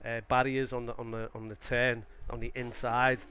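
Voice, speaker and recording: A man's voice: medium pitch, flat delivery, normal speed, pushed and bright, slight background noise. A young Australian man chatting casually on a live stream about a sim race, rambling and cutting himself off mid-sentence. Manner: chatty, rambling, self-interrupting.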